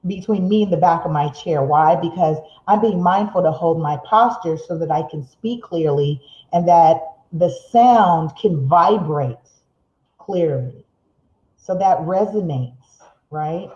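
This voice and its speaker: The live-stream audio sounds roomy and slightly dull as a middle-aged woman, voice on the low side, gives a motivational talk from a seat indoors. She picks up speed when excited, slows to drive points home, laughs a lot, and reads comments from viewers.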